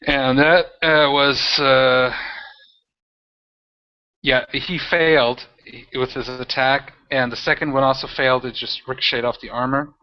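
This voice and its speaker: A man narrating as game master of a tabletop role-playing game, talking in halting, rambling bursts with many restarts. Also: medium pitch, fairly even intonation, smooth. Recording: dull lo-fi audio.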